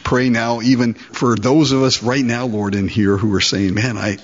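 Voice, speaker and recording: A man preaching a sermon as pastor, lively and acting out little dialogues as he goes. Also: medium pitch, normal speed, muffled recording. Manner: animated, acts out dialogues with God.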